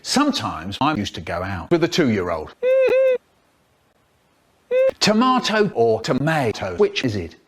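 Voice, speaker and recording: A man's voice: on the low side, huge pitch swings, normal speed, few pauses, a little hiss or hum. A man, telling playful, exaggerated stories in edited clips. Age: 70s. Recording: remix with loud music bed.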